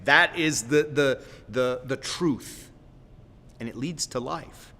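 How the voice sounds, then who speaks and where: A man's voice: mid-range voice, slow, bright, forceful tone. A man hosting a Christian livestream, preaching informally in a folksy, direct way and often stopping to correct himself and apologize. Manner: rambling, self-correcting, apologetic asides; folksy, direct, with repeated "right?". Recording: long reverb in a roomy space.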